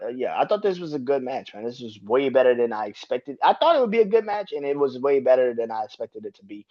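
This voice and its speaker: A man hosting a podcast, reviewing wrestling in a casual, profane rant. He keeps jumping into high-pitched outbursts. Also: a little mellow, muffled recording. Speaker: podcast host.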